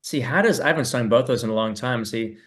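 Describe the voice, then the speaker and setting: Laid-back guy on a video call chatting with fans, normal pitch, lots of ums. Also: fast. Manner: relaxed and thoughtful, many fillers. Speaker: guest musician meeting fans. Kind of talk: casual chat.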